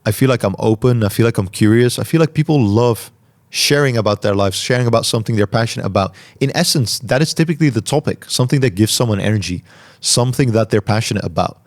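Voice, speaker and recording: A man hosting a podcast, answering listener questions in a calm, reflective way and articulating each word carefully. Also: lowish voice, quick pace. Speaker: podcast host. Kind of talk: solo Q&A talk.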